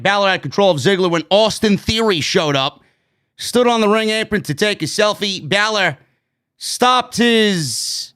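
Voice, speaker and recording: Sarcastic high-voiced man reviewing wrestling. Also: lively intonation, unhurried, fairly bright tone, clean tone. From New York. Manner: sarcastic, blunt, swears freely. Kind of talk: opinionated solo show review.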